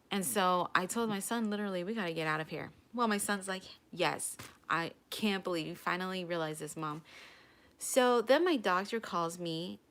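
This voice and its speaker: Young woman, vlog storyteller, bright forceful voice, acts out every quote. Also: lowish voice. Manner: animated storytelling, acting out quotes. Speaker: vlogger.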